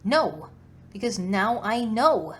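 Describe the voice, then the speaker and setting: A woman's voice: medium pitch, lively intonation, slow pace, pitched above the performer's own voice. A woman voicing an earnest, emotional young noblewoman who argues hard and pleads. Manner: pleading, then shouting.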